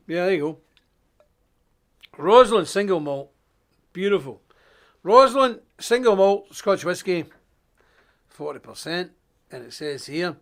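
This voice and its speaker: A man hosting a live stream, preaching casually in a jokey, animated way, with loud emphasis and quiet asides. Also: sits high, slow, creaky, long pauses.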